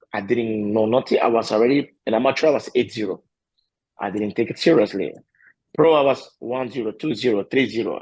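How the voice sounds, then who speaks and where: A husky-voiced man speaks in broken, stopping and restarting often with fillers. He tells his story with lively bursts of feeling and a laugh now and then. The sound is dry and close, with no room around it. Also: mid-range voice, no room sound, poor audio. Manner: halting, many fillers and restarts, non-native grammar; animated, laughs while telling stories. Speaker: MMA fighter, interview guest. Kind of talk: casual interview answers.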